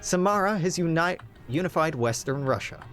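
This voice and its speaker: A man's voice: on the high side, animated, normal speed, fairly bright tone, soft background music. Wry young man reading game text aloud. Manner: wry, joking asides between read-out passages. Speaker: game streamer.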